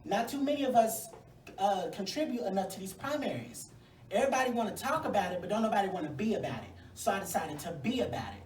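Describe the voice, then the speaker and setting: A woman's voice: medium pitch, animated, fast, a little mellow, distant mic, slight background noise. A woman, a congressional candidate giving a sassy, folksy, fired-up campaign speech at a forum. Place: venue hall at a forum. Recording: echoey room, mic from afar.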